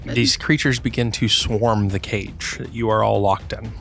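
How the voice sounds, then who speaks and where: A man narrating as game master in a tabletop game, describing scenes slowly and dramatically. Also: on the low side, steady tone, vocal fry, fairly bright tone, faint music behind.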